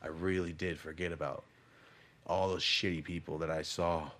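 A man hosting a podcast in casual chat, telling stories bluntly and profanely, dropping to low mutters and then bursting out loud as he acts out the people in them. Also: flat delivery, normal speed. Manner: profane, blunt storytelling that acts out quoted voices. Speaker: podcast host.

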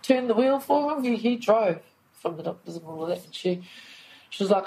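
A woman's voice: medium pitch, lively intonation, moderate pace, heavy background noise. A woman recounting events in a recorded account, emotional, swearing and acting out what people said. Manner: emotional, swears, re-enacts dialogue.

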